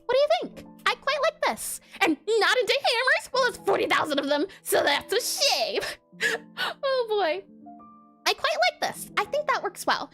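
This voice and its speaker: High, lively chatty woman streamer. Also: moderate pace, soft background music. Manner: chatty, giggly, reads chat aloud and banters. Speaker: pixel art streamer. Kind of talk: casual livestream commentary while drawing.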